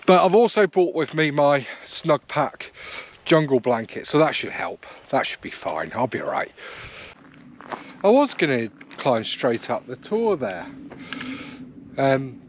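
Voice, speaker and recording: A man chats in a relaxed, rambling way as he walks across open moorland and talks straight to his camera. His voice sits at an ordinary middle pitch. A faint outdoor ambience hangs behind him. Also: a little slow, slight background noise. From South West England. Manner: chatty, rambling, easygoing, talks to camera while hiking. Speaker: wild camping vlogger. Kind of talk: casual walking vlog commentary.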